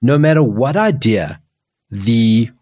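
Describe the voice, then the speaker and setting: A South African podcast co-host takes his time, speaking slowly at a medium pitch. His stories on the relaxed chat show come out animated and meandering, with plenty of restarts and side comments.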